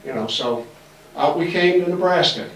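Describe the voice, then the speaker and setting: A man's voice: fairly high pitch, normal speed. Joking older man telling stories. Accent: faint Massachusetts. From Massachusetts. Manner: folksy, joking, acts out quoted voices. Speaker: speaker giving a talk. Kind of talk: storytelling lecture. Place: library auditorium. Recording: roomy hall, distant mic.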